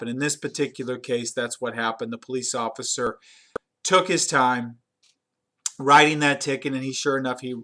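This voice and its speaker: A man's voice: mid-range voice, a bit bright. A man presenting a webinar, telling a story in a conversational way and repeating words as he goes. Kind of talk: storytelling talk.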